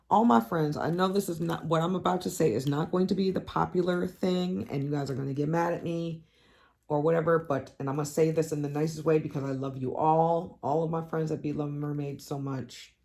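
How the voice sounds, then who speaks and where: On her crafting channel, a woman chats casually with viewers in a blunt, animated, profane rant. She swoops dramatically up in pitch for emphasis, and her voice has vocal fry.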